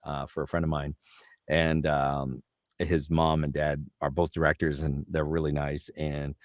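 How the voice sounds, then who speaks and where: A middle-aged voice actor telling lively anecdotes as an interview guest. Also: male voice, very deep voice, no room sound, clean studio sound. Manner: lively, fast-moving anecdotes. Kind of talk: anecdotal storytelling.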